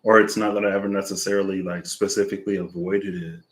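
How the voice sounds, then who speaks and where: A man's low voice moves fast with a level tone as he does a tarot reading, out of breath. He thinks aloud in a meandering, searching way, heavy on fillers, in a reflective and casual monologue.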